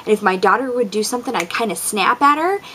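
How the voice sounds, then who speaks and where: A woman's voice: medium pitch, expressive, fast, pushed and bright, a little hiss or hum, low-quality recording. A young woman talking casually about parenting tips, with frequent ums and likes, often acting out what she says to her kids. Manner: chatty, lots of ums and likes, acts out quotes. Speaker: parent vlogger. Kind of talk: casual advice talk.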